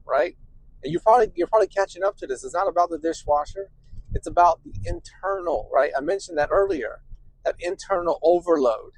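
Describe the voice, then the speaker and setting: A middle-aged man, a therapist hosting a show, explaining to listeners in an animated, conversational way, often asking "right?" and acting out quoted voices. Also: fairly high pitch, no room sound, poor audio. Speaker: therapist and podcast host.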